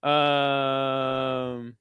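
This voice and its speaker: A man hosting a live watch-along of a kickboxing event. He talks casually and swears a lot, breaking into excited shouts at big moments. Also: mid-range voice, drawn-out words, clear, resonant tone, dry recording. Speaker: host.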